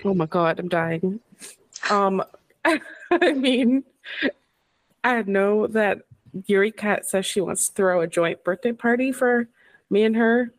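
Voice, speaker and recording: A woman's voice: mid-range voice, takes it slowly, long pauses, dry recording. A woman in her thirties chats loosely as a podcast co-host. She rambles between giggles. Her mid-range voice sits close and dry on the mic. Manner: giggly, rambling, lots of laughing asides. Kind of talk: casual chat.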